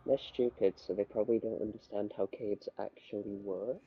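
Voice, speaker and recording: A man's voice: on the low side, fairly even intonation, normal speed, husky. A man playing a tabletop game, talking hesitantly and restarting his phrases. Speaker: player. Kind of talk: casual tabletop play. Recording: tinny phone-like mic, dry.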